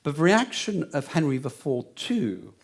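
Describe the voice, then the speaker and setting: A man's voice: a little high, huge pitch swings, a little slow. A man giving a lecture answer, meandering with many fillers and restarts.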